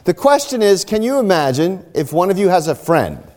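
A man's voice: high-pitched, big pitch swings, moderate pace, a little mellow. A man preaching a sermon, explaining a scripture passage step by step.

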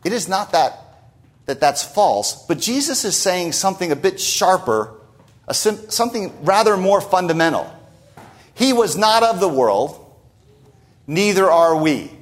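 A male preacher delivers a sermon with emphatic stresses and frequent rhetorical asides. His voice sits a little high and swings widely in pitch. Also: big pitch swings, a little slow.

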